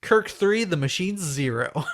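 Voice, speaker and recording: A man's voice: high-pitched, animated, unhurried. A man hosting a podcast, recapping an episode in a loose, joking way. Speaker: podcast host.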